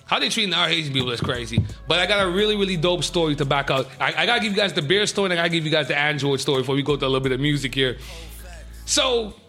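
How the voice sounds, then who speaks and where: A man hosting a radio show, reading the news in a casual, excitable way with jokey asides. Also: on the high side, very fast, soft background music.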